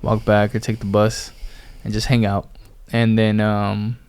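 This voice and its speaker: A man's voice: lowish voice, completely flat delivery, a little slow, darkish tone, clean tone. A young man telling his life story casually, full of "like" and quoted asides. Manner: chatty, lots of "like" and "I was like" quotes. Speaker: testimony speaker.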